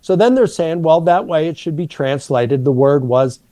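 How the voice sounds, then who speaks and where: A middle-aged man, a New Testament professor, patiently explaining Greek grammar and slowing down to stress key words. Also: on the high side, mellow, dry recording.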